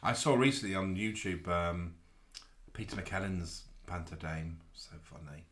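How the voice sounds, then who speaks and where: A man from the UK co-hosting a casual live stream, chatting in an animated way and often tripping over his words. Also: deep voice, a little slow. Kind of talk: casual chat.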